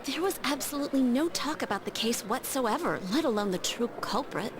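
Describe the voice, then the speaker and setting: An earnest teenage girl from a video game, high-pitched and matter-of-fact. A clear crowd murmur runs behind her. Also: lively intonation, fairly quick. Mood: serious.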